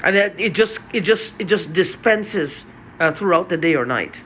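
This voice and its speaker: A man's voice: high voice, lively intonation, normal speed, fairly bright tone, slight background noise. A tired man in an unscripted vlog monologue, talking in an agitated, profane way and often repeating and restarting his phrases. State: tired from lack of sleep. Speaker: vlogger.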